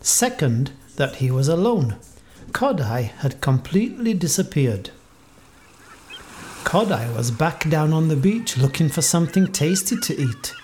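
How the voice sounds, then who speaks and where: A woman reading a children's story aloud with expressive delivery. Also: deep voice, a little slow, a little hiss or hum.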